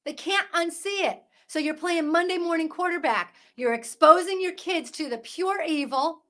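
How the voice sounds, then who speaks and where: High-voiced woman preaching emphatically. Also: moderate pace, a bit bright. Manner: emphatic, preachy, fires rhetorical questions; parent. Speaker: podcast host. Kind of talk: impassioned Christian commentary.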